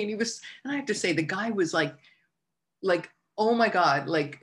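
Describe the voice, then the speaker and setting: A woman telling a personal story in a casual, animated way, full of "like" and restarts. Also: mid-range voice, normal speed. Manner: laughs through the telling.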